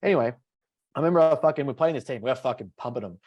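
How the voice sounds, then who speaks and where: A man talks quickly, cursing casually as he tells animated stories on a podcast. His pitch sits in an ordinary middle range for a man. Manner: swears freely, animated storytelling. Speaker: podcast co-host.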